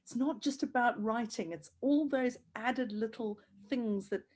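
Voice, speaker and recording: Woman host, a bit high-pitched, gushing and teary on a video call. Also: a little slow, darkish tone. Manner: effusive, tearful praise. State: crying. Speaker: host of handwriting program. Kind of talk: emotional interview over video call.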